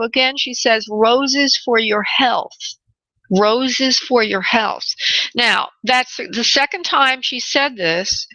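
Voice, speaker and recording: A woman's voice: fairly high pitch, sharp tone, no echo. A woman hosting a call-in radio show as a spirit medium, chatty and affectionate, calling callers honey and laughing readily. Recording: slightly dull radio audio.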